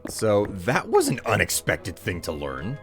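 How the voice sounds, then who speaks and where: Laid-back lower-voiced male streamer. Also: wildly swooping pitch, unhurried, music in the background. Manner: rambling, self-correcting, chuckling. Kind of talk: laid-back live-stream chat while gaming.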